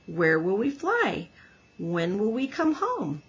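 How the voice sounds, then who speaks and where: A woman voicing a young male gosling who asks worried, eager questions in a high childlike voice. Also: huge pitch swings, slow pace, husky, dull audio, exaggerated voice.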